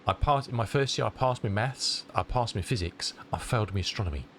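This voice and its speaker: A man's voice: fairly low pitch, animated, brisk, a little hiss or hum. A middle-aged man with a southern English accent, chatting casually on a live stream while congested from a cold, rambling as he answers viewers. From southern England. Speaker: flight-sim streamer.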